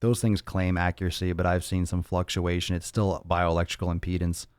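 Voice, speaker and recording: Man, very deep voice, dry close sound, blunt and profane, rambling fitness host answering questions. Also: flat delivery, brisk, clean tone, no echo. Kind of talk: casual livestream Q&A.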